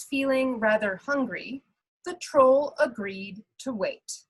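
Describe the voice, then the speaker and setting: A woman reading a children's story aloud, slow and expressive. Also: a little high, slightly rough, poor audio. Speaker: story reader.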